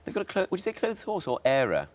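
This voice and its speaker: A man's voice: fairly high pitch, wildly swooping pitch, fast talker, a little hiss or hum. A man chatting casually and reading out fan questions, playful and teasing. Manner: playful, teasing, swooping intonation. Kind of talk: casual chat.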